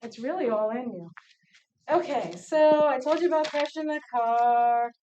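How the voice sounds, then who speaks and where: A woman with a slightly high voice tells students a story in a casual talk. She is candid and lively, and acts out the back-and-forth dialogue as she goes. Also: a little slow, muffled recording, a little hiss or hum. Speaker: nonprofit CEO speaking to students.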